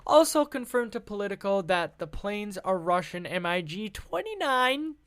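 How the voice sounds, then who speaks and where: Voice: medium pitch, sing-song, normal speed, no echo. A podcast host reading news articles aloud and breaking off into profane, laughing, rambling asides.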